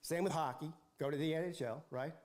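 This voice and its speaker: A man's voice: on the high side, fairly even intonation, a little fast, darkish tone. A man hosting a football livestream, ranting in a mocking, sarcastic way and rambling with restarts. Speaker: football channel host.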